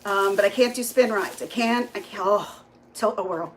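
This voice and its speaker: A woman's voice: mid-range voice, moderate pace, slight background noise, poor audio. A middle-aged woman, chatting casually on a live stream from her phone at home, greeting viewers by name and laughing often. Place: home kitchen.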